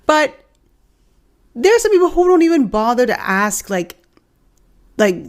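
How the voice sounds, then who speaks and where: A woman's voice: high voice, sing-song, a little slow. A woman co-hosting a reaction show, commenting on a clip and putting pointed questions to the viewers. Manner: questioning, addresses viewers directly.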